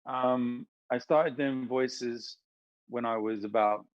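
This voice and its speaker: Man, animated storyteller, slips into impressions, very dry close sound. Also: medium pitch, takes it slowly, dry recording, lo-fi sound. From United Kingdom. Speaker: actor and voice performer. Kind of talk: casual interview storytelling.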